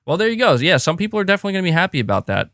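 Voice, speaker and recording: A man hosting a live reaction stream. He reads out viewer messages and talks in quick restarts. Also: high-pitched, big pitch swings, fairly bright tone, no echo, studio quality. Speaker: livestream host.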